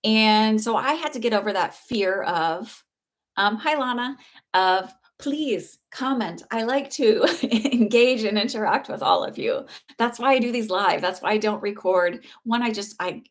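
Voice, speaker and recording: Earnest woman giving spiritual advice live. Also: mid-range voice. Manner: earnest, reassuring, rambling with fillers and restarts. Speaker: spiritual teacher and psychic reader. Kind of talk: casual live-stream talk.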